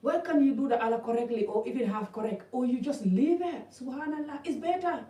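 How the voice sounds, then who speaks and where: A woman's voice: sits high, fairly quick, mellow. Woman vlogger, blunt and impassioned, rambling talk to camera, set back from the mic. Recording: echoey room, mic at a distance.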